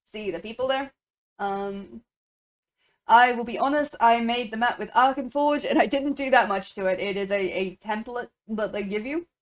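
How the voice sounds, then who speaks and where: A woman from the United States running a tabletop game on stream, chatty and self-deprecating, laughing often. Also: a little high. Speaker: game master.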